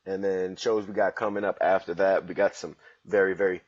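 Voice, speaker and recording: This man's voice is deep and level, and he talks briskly while hosting his comedy podcast from home. He riffs in slangy street language through a relaxed solo monologue, with the high frequencies rolled off.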